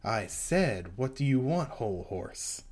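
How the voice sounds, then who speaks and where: A man voicing a cold, domineering vampire lord in a low, quiet, slow and menacing tone. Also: very animated.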